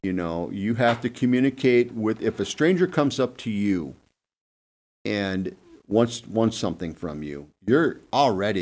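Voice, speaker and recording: A man telling hunting stories casually on a panel, acting out quick asides with an animated delivery. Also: sits low. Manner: animated, acts out deer and buddies in quick asides. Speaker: guest hunting expert. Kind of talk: casual storytelling on a podcast panel.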